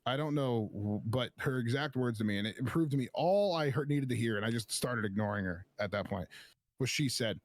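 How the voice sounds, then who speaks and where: A man in the middle of a heated, swear-laden story, voicing both sides of an old argument as he tells it. His voice sits at an ordinary middle pitch, recorded close and dry with no room sound. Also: fairly quick, no echo. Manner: profane, animated retelling with quoted back-and-forth. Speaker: streamer telling a story. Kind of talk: casual storytelling chat.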